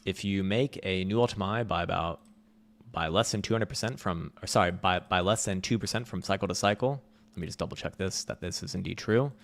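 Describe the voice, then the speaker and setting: A man's voice: sits low, fairly quick, a bit bright. A man giving blunt, sarcastic live market commentary, swearing freely.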